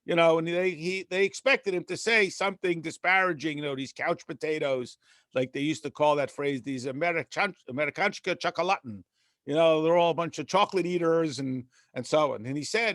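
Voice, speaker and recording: A man's voice: fairly high pitch, brisk, dry recording, clean studio sound. A middle-aged man, a rabbi, teaching a conversational text lesson and acting out bits of dialogue. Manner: acts out dialogue with lively voices.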